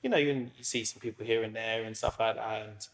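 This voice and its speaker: A man's voice: fairly low pitch, fairly even intonation, a little fast. A man, a comedian chatting as a podcast guest, rambling and slangy with lots of fillers. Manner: slangy, rambling, many fillers and "do you know what I mean". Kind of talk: casual podcast chat.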